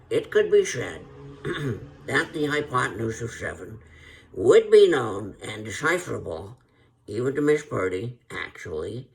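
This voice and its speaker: A man's voice: lowish voice, creaky, full character voice. A man impersonating a nerdy professor, with a nasal, pompous voice.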